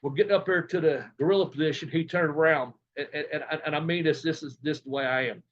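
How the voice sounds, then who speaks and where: A man's voice: a little high, fast, fairly bright tone. A man guesting on an interview, telling rambling, profane anecdotes with laughs along the way. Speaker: guest, former wrestler. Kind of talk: casual storytelling interview. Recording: dull lo-fi sound.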